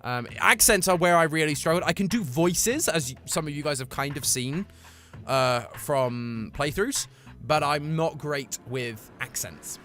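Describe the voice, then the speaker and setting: A man chatting casually with his live-stream chat, playful and full of quick asides. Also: on the high side, a bit bright.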